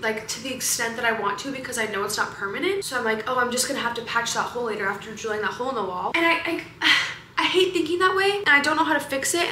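High bright chatty teenage girl. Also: slight background noise, poor audio. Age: late teens. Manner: chatty, rambling, candid venting with many "like"s. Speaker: vlogger. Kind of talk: casual vlog chat.

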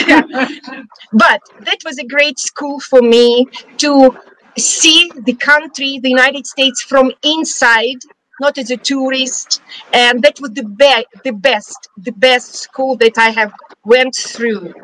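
Woman with a Russian accent, high voice, bright and tense tone, dry close sound, chatty guest who restarts sentences and laughs easily. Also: steady tone, takes it slowly, no echo, poor audio. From Russia, Siberia. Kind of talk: casual storytelling interview. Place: studio.

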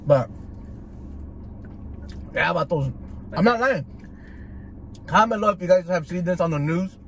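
A man's voice: high-pitched, unhurried, slight background noise. A man, chatting in a car as a food vlogger, ranting with slang, swearing and Spanish asides. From Southern California. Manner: animated, slangy, switches into Spanish. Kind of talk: profane ranting chat while eating. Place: inside a parked car.

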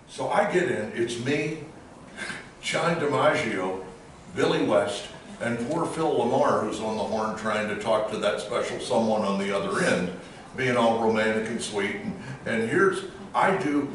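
A man on a convention panel telling animated stories, breaking into celebrity impressions. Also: medium pitch, unhurried, slight background noise. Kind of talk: casual storytelling. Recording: echoey hall from far off.

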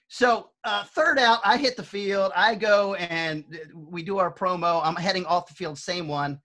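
A man working as an on-field emcee, telling a story with lively energy and acting out the quotes. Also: high voice, unhurried, few pauses. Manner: lively, acts out quotes in shifting voices. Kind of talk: animated storytelling.

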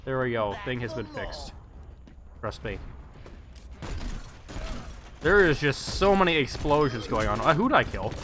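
A man streaming a game and commenting live in a chatty, self-mocking way with excitable outbursts. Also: medium pitch, measured pace, pauses often. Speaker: gamer streaming his play. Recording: stream mic with game music behind.

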